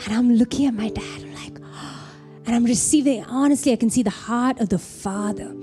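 Warm, chatty young woman telling a story. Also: on the high side. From India. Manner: chatty, heartfelt, peppered with "like" and "you know". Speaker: storyteller sharing a personal testimony. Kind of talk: casual personal storytelling.

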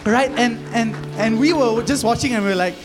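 A man from Malaysia preaching a sermon, telling an animated story with many repeated phrases that builds to fervent exclamations. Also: extremely high pitch, brisk, over music, a crowd in the background. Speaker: pastor.

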